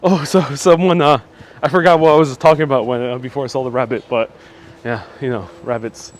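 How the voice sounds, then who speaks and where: A man's voice: medium pitch, fairly even intonation, fairly quick. A man hosting a live walking tour outdoors, chatting casually and reacting to viewer comments as he goes. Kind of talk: casual live-stream narration. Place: outdoors on city streets. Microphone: phone on handheld gimbal.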